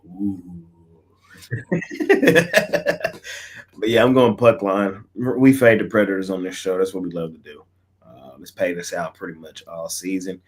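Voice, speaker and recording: Male betting-show host with a lowish voice, easygoing and slangy, tends to mumble his endings. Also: fairly even intonation, normal speed. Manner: laid-back, slangy, trails off quietly. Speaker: sports betting picks host. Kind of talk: casual picks chat.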